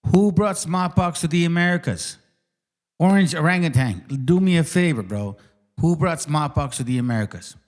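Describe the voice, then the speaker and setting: A man's voice: on the high side, animated, moderate pace. Host, male, heated rant; aggressive, mocking delivery in a slightly raised voice. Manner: combative, profane, mocking. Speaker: channel host.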